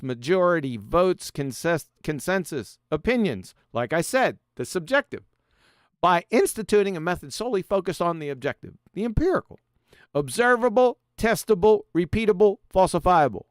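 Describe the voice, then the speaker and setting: A man hosts a live stream, lecturing over slides in a combative, mocking tone. His voice sits high and comes through smooth and clear. He is recorded close on a dry mic with no room sound. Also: no echo. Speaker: host presenting a slideshow.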